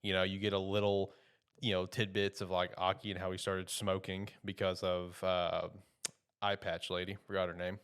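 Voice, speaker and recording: Young male podcast co-host, lowish voice, loose rambling casual delivery. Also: flat delivery, normal speed, a bit bright, smooth. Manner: loose and rambling, full of "you know" and "like". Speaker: podcast co-host reviewing anime. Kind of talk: casual chat.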